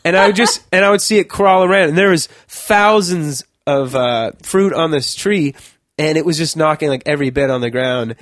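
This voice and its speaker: A man's voice: a little high, animated, moderate pace, a bit bright, dry recording, studio quality. A young man chatting casually on a podcast, telling a long rambling story, laughing mid-sentence and swearing now and then.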